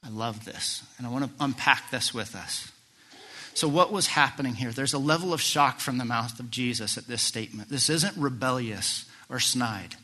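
Bright-voiced male pastor preaching animatedly. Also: mid-range voice, normal speed. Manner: animated, asks rhetorical questions, acts out quoted lines. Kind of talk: sermon.

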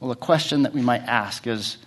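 A middle-aged pastor preaches briskly, firing off many rhetorical questions at his congregation in short fragments and often repeating words as he restarts. He alternates quiet, low questions with louder, higher-pitched stretches.

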